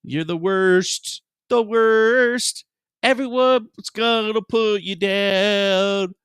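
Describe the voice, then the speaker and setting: A man voicing his grumpy female pet cat, whining and scolding him in a high put-on voice. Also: very slow, a bit bright, clear, resonant tone, no echo, clean studio sound, exaggerated voice. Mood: whiny scolding. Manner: whiny, scolding.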